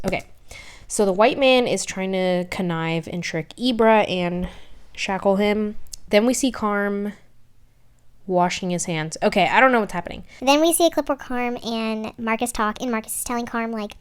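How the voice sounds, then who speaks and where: A woman's voice: fairly high pitch, brisk, clean tone. A young woman, recapping a TV episode in a chatty, slangy way with rambling asides and swearing. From San Francisco Bay Area. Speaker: TV show reviewer. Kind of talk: casual recap vlog.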